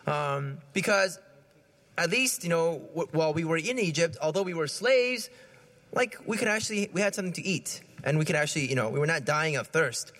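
A man's voice: a little high, expressive, moderate pace, fairly bright tone. A man giving a conversational homily, asking his listeners questions and often repeating his words as he goes. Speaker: preacher.

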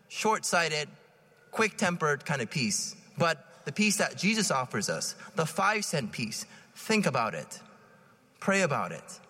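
Lively high-voiced young priest in a reverberant church. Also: male voice. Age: 30s. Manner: animated storytelling, checking in with "right?". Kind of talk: conversational homily at Mass.

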